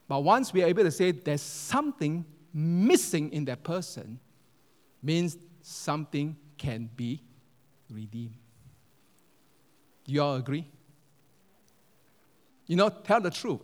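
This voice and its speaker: A man's voice: fairly high pitch, animated, unhurried, long pauses. A man preaching a sermon, telling stories with humor and asking the congregation questions. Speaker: pastor. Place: church hall. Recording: echoey hall.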